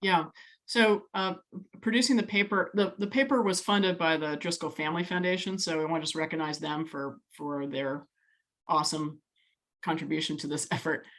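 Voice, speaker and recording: A woman's voice: low-pitched, steady tone, normal speed, fairly bright tone. A woman as an interview guest, speaking hesitantly with many fillers and restarts. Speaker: interview guest, advocacy leader. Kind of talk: interview podcast conversation.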